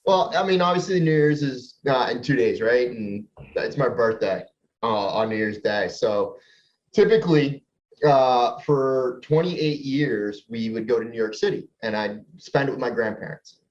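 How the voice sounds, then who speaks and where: A male co-host tells a story in a relaxed, loose way, pausing on fillers. His voice is middle-pitched, and the audio sounds dull and lo-fi. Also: a little hiss or hum. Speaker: podcast co-host. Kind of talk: casual storytelling.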